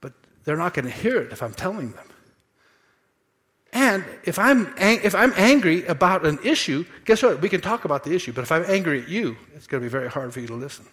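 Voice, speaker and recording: A man delivers a sermon from a church pulpit in a slightly high voice. He preaches with animated energy, breaks into playful asides, and acts out quoted lines for the congregation. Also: fairly quick. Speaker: pastor. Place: church sanctuary.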